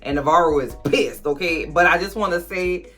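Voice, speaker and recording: A woman's voice: fairly low pitch, moderate pace, a bit bright, soft background music. A woman host casually recapping a TV episode, chatty and slangy, talking straight to her viewers while a little tipsy. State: tipsy from drinking.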